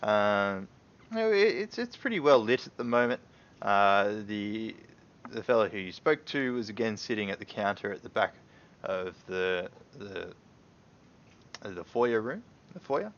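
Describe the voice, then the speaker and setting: Low-voiced man narrating a game. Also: expressive, normal speed, fairly bright tone, highs cut off. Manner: loose, rambling, many fillers and restarts. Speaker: game master. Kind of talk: narrating a tabletop game on a livestream.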